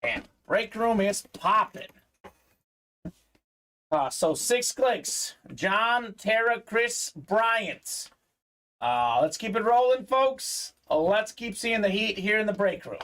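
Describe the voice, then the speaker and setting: A man's voice: sits high, animated, slow, fairly bright tone. A man hosting a live sports memorabilia break, chatting upbeat with viewers, reading their comments aloud and peppering his talk with "uh".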